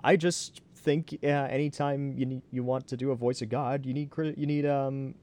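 A man's voice: medium pitch, little pitch movement, moderate pace, a little mellow. A man co-hosting a casual anime podcast, laughing often and talking with animation. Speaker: podcast co-host. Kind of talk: casual chat.

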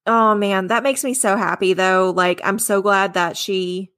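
A woman's voice: medium pitch, steady tone, a little slow, a bit bright, no room sound, clean studio sound. A woman co-hosting a casual podcast, reading listener stories and chatting, laughing often and swearing casually. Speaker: podcast co-host.

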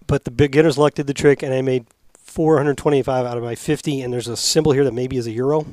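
Quick-talking American man reading mail. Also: medium pitch, no echo. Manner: animated, jokey, reads letters in a lifted voice. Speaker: podcast host. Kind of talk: casual chat, reading listener mail aloud.

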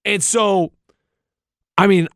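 A man's voice: sits high, fairly even intonation, slow, gravelly, fairly bright tone, no room sound, clean studio sound. A man, podcast co-host, telling a story in a worked-up, ranting, profane way. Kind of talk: casual chat, storytelling.

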